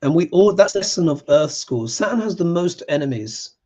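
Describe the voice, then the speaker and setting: A man's voice: a little high, animated, brisk, dark tone. A man hosting a live astrology show, reading tarot cards and ranting with emphatic passion.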